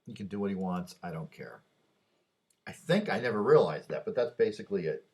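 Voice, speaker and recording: Husky low-voiced man rambling. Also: big pitch swings, fairly quick, a little mellow. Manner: rambling, muttering, restarts and trails off. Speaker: vlogger. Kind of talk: late-night rambling monologue.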